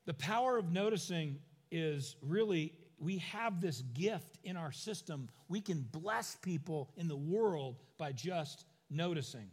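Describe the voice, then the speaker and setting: A man's voice: on the high side, darkish tone, in a large hall. A middle-aged man preaching a sermon, telling stories with humorous asides and acting out the quoted lines. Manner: acts out quoted lines in voices. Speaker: pastor.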